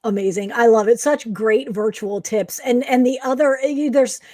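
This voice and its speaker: A woman's voice: a little high, normal speed, dark tone, dry recording, clean studio sound. A woman hosting an event and questioning her guests in a loose, conversational way. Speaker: host. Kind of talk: hosting an online event interview.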